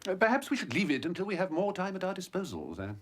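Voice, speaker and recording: A calm, deferential valet. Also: male voice, high-pitched, slight background noise. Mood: composed. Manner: polite, measured. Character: unflappable, deferential manservant.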